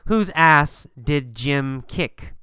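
A man teaches English pronunciation through a story, speaking slowly and clearly so each phrase can be copied. His voice is crisp and bright, with a lively, rising-and-falling pitch. The recording is dry and close. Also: no echo. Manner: slow and emphatic, repeating phrases for learners to copy. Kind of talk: slow, deliberate language-lesson storytelling.

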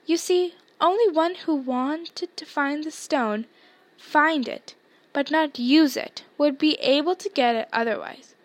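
Old wizard headmaster, mild and amused, read by a woman with a high voice; storybook. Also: unhurried, dry recording.

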